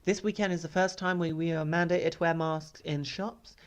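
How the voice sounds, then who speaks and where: A man's voice: on the high side, fairly even intonation, moderate pace, clear, resonant tone. A man co-hosting a casual podcast, ranting in an emphatic, profane way and driving his points home with a repeated "okay?". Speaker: podcast co-host.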